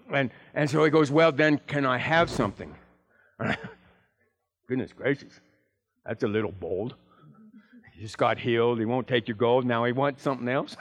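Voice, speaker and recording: A high-pitched man delivering a lively sermon. His voice is bright and ringing, and he swings wildly up and down as he acts out the people in the stories. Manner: animated, acts out biblical figures with big pitch swings. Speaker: preacher.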